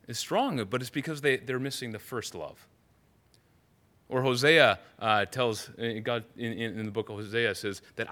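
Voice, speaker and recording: A pastor gives a relaxed, conversational sermon, reading scripture and then unpacking it. His voice is bright and forward, and he often restarts his sentences as he thinks aloud. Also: mid-range voice, moderate pace.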